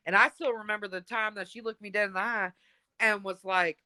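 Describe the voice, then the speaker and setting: A young woman in casual chat, telling animated stories and acting out what people said. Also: lowish voice, brisk, dry recording, poor audio. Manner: animated, acts out quotes. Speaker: podcast co-host.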